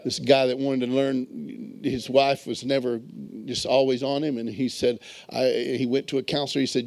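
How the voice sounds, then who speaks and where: A man's voice: medium pitch, level tone, moderate pace, creaky, few pauses, a little mellow. A man preaching a sermon as bishop, telling stories and calling on his congregation to answer back. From moved to Texas as an adult. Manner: storytelling, calls on the congregation to respond. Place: church sanctuary.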